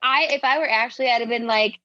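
A woman's voice: fairly high pitch, fairly even intonation, a little fast, pushed and bright, lo-fi sound. A woman co-hosting a casual recap podcast, talking bluntly and profanely and cracking jokes. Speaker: podcast co-host. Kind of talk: casual reality-TV recap chat.

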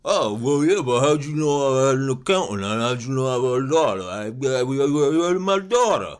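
A man doing a comedic impression of a gruff, mumbling movie tough guy who stammers and slurs. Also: medium pitch, big pitch swings, normal speed, voice pushed up, close to an everyday voice. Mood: rambling.

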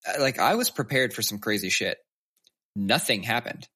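A man's voice: on the low side, expressive, moderate pace, sharp tone. A man in his thirties chatting candidly about his kids, swearing freely and acting out their lines. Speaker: podcast co-host. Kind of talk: casual chat.

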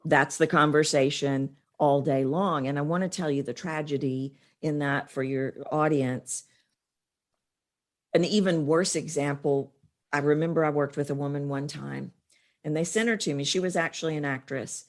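A woman's voice: deep voice, fairly even intonation, moderate pace. A woman voice coach speaking emphatically as a guest in an interview.

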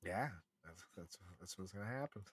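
A young man co-hosting a podcast, chatting casually and crudely, laughing often and swearing as his voice swings from loud to soft. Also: low-pitched, expressive, normal speed, slightly rough. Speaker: podcast co-host.

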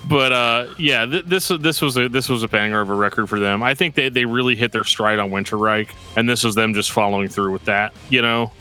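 A man's voice: mid-range voice, fairly even intonation, fairly quick, hardly any pauses, sharp tone, soft background music. A man hosting a podcast, talking casually about metal records in a rambling way with lots of fillers. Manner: laid-back, rambling with frequent fillers and laughs. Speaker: podcast host.

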